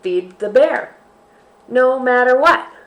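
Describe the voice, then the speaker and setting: Slow, sing-song storytime woman. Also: sits high. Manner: slow, sing-song and expressive, addressing young children. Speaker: library storytime host. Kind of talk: children's storytime, reading a picture book aloud.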